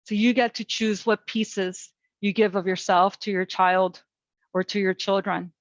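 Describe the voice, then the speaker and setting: A woman's voice: mid-range voice, fairly even intonation, measured pace, no echo, dull audio. A woman presenting an online webinar on parenting and resilience, talking in an encouraging, chatty way with many fillers.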